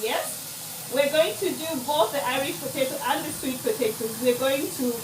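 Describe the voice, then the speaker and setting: A woman from Africa hosting a live cooking stream, chatting warmly with viewers and greeting them by name as she cooks. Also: high-pitched, a little hiss or hum. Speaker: cooking livestream host.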